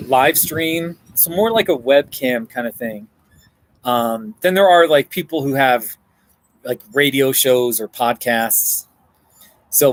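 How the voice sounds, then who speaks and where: Over poor audio, a Coloradan with a fairly high-pitched voice chats loosely on a live stream from a coffee shop, wandering between topics and answering comments from viewers.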